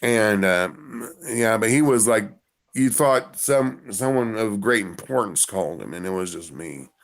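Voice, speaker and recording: Male musician guest, gravelly, rambling anecdotal delivery. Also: fairly low pitch, lively intonation, unhurried. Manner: rambling storyteller. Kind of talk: casual interview chat.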